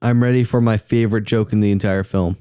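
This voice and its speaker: A young man with a Southern US accent, co-hosting a casual movie watch-along podcast, quick to agree and easily excited. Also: fairly low pitch, clean tone, no room sound, studio quality. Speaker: podcast co-host.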